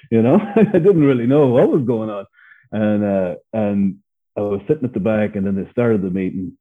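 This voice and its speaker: A man's voice: mid-range voice, husky. An Irish man, a podcast guest, telling his story in a blunt, profane, candid way and laughing as he goes. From Ireland. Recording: phone-like narrow sound.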